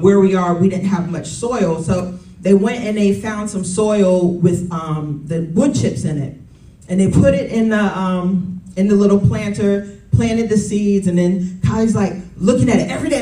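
A woman's voice: mid-range voice, mellow. A woman in her thirties preaching a sermon in a conversational way, often calling out to the congregation. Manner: conversational, calls to congregation with "y'all" and "Amen". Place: church. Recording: roomy sound from a distance.

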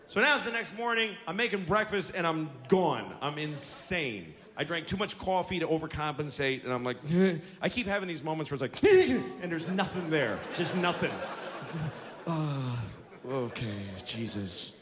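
A man's voice: on the high side, expressive, fairly quick, few pauses, sharp tone. A man in his forties doing a stand-up routine, telling stories in an exasperated, profane way. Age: 40s. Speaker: stand-up comedian. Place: theater stage before an audience. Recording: live show with room noise.

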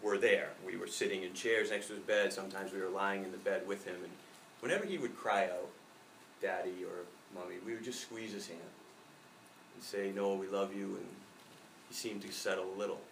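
A man's voice: deep voice, fairly quick, gravelly, fairly bright tone, echoey room, far from the mic, a little hiss or hum, poor audio. A middle-aged male pastor giving a reflective sermon, telling a personal story.

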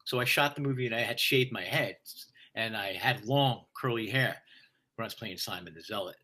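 Male actor, bright and forceful tone, profane energetic storyteller in casual chat. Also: fairly low pitch, fairly quick. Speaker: stage actor, guest.

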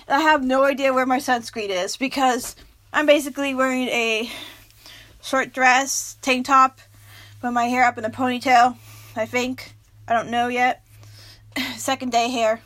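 A young woman talking casually in a vlog, rambling and self-mocking, fast from too much coffee. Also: high voice, fairly even intonation, fairly bright tone. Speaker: vlogger.

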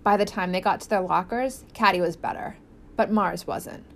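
A woman's voice: mid-range voice, normal speed, creaky, slight background noise. Woman reading an audiobook. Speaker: audiobook narrator. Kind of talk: scripted narration.

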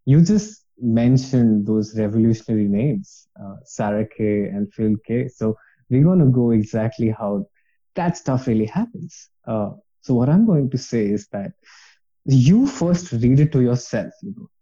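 A man's voice: mid-range voice, animated, a little slow, dark tone, muffled recording. A man talking earnestly and passionately about reading poetry, rambling with many fillers in a casual podcast chat.

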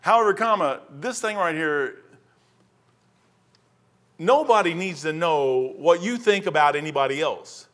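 A man's voice: a little high, lively intonation, a little slow, long pauses, fairly bright tone. Folksy rambling preacher man. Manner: folksy, rambling, wanders off topic into anecdotes. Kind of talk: casual sermon.

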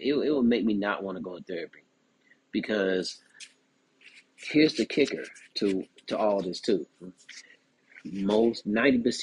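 Husky young man with a lowish voice. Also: no room sound. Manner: animated, frequent "you know what I'm saying". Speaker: podcast host. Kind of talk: casual commentary monologue.

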